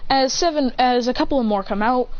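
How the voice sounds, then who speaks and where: A woman's voice: sits high, a little fast, highs cut off, a little hiss or hum. A woman improvising a fan story, rambling and correcting herself as she goes. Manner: rambling, self-correcting, excited.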